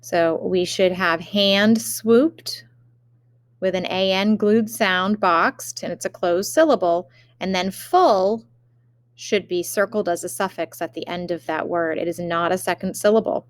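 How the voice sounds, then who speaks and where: A woman teacher giving a remote spelling lesson, dictating words slowly and carefully with example sentences. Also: fairly low pitch, dry recording.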